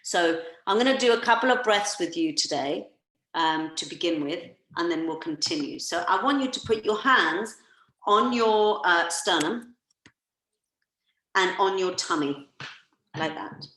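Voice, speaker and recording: A woman massage therapist leading a workshop, calmly coaching listeners through guided breathing on a video call. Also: lowish voice, unhurried, echoey room, rough recording.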